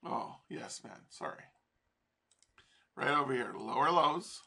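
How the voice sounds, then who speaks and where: A man's voice: medium pitch, animated, slow, creaky, bright, forceful tone, breathy edge. A man teaching trading over a chart in a casual, profane, rambling way, laughing often. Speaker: trading instructor.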